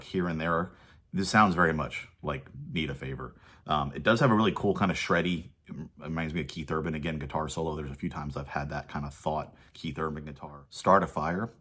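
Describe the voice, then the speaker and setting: A man's voice: sits low, fairly bright tone. A man reviewing an album track by track in a casual, thinking-aloud way with plenty of fillers. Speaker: music reviewer.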